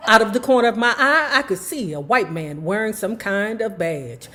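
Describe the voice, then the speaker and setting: Lively woman reading a memoir aloud. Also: mid-range voice, normal speed, few pauses. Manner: animated, breaks off to talk to viewers.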